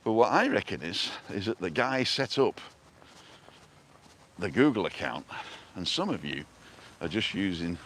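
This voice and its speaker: A man's voice: deep voice, very animated, unhurried, long pauses, a bit bright, a little hiss or hum. A man hosting a casual live walking vlog outdoors, chatting and greeting viewers by name as he goes. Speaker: vlog host on a live stream. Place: outdoors on a town street and park.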